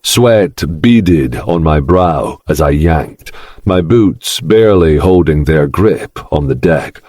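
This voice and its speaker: A man narrating a dark first-person romance audiobook in a slow, brooding manner. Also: extremely low pitch, animated, no echo, studio quality.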